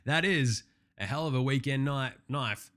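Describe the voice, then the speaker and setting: A man hosting a casual sports recap, brash and profane with quick wisecracks. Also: mid-range voice, background noise. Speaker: podcast host.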